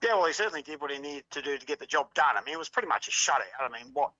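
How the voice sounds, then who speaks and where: A man's voice: on the high side, lively intonation, very fast, pushed and bright, lo-fi sound. A man co-hosting a boxing podcast, chatting casually and explaining things plainly.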